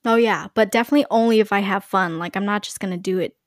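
A woman's voice: medium pitch, quick pace, no echo, studio quality. A young woman chatting casually on a podcast, with a lot of "like" and "you know". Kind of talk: casual chat.

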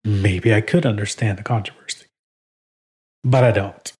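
A man co-hosting a casual podcast, talking in an animated way, laughing often and swearing now and then. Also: fairly low pitch, moderate pace. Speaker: podcast co-host.

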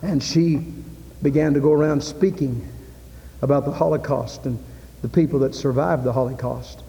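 A man preaching a sermon with impassioned delivery, building to loud climaxes. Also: medium pitch, steady tone, moderate pace, gravelly, muffled recording. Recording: echoey hall with faint ambience.

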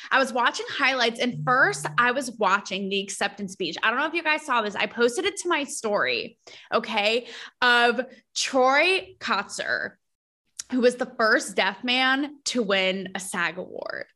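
A woman hosting a podcast, talking in a casual, gossipy and animated way, full of sass and asides to her listeners. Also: a little high. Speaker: podcast host. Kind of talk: casual chat.

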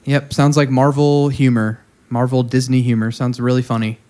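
A man's voice: medium pitch, level tone, normal speed, warm tone. A man co-hosting a podcast, riffing with raunchy, jokey humor. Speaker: podcast co-host. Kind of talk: crude comedic chat.

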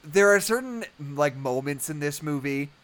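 A man's voice: fairly high pitch, expressive, moderate pace. A man in casual film discussion, rambling with many fillers and acting out quotes from the movie. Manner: rambling, heavy use of "like", acts out quotes. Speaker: podcast co-host.

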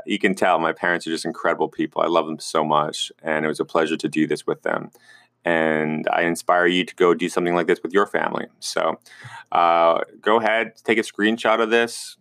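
A man hosting a podcast in easygoing chat, with a bright, forward tone and a fairly low voice. He talks straight to his listeners, upbeat and friendly. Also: no room sound, studio quality. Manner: upbeat, chatty sign-off to listeners. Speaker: podcast host. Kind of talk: casual chat.

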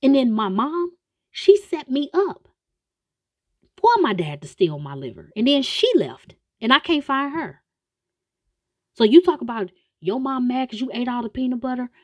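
A woman's voice: fairly high pitch, normal speed, pauses often, dark tone, breathy edge, no echo, pitched above the performer's own voice. A woman voicing a fed-up middle-aged man who rants indignantly about being betrayed. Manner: indignant, exasperated ranting.

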